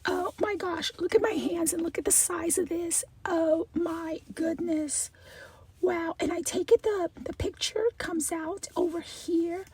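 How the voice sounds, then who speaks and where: A woman unboxing gifts in a casual vlog, gushing and excitable, often dropping to a soft whisper as she looks over each item. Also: very high-pitched, measured pace. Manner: gushing, excitable, many exclamations. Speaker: haul video host.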